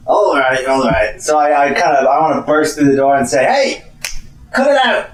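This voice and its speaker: A man playing a tabletop game with gruff, dry humor. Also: mid-range voice, steady tone, fairly quick. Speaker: player. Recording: echoey room, far from mic.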